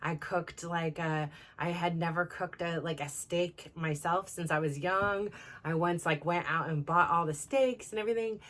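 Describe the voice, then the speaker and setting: Woman, middle-aged, low deep voice, rambling casual storytelling, lots of filler words and restarts, self-help host. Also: normal speed, fairly bright tone. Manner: rambling, heavy use of "like" and "you know", frequent restarts. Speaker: self-improvement podcast host.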